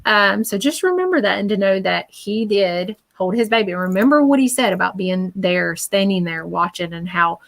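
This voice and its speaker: A woman's voice: medium pitch, normal speed, gravelly, few pauses, a bit bright. Chatty woman giving a psychic reading. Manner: chatty, reassuring, many fillers. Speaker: psychic medium. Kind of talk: live spirit reading.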